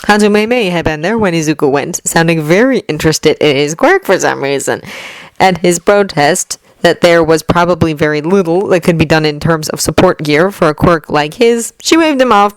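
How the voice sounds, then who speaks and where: A woman narrates a fanfiction story with a lively, animated lilt. Her voice is recorded close and dry, with no room sound. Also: lowish voice, normal speed, dry recording. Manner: expressive storytelling. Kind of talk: fanfiction reading.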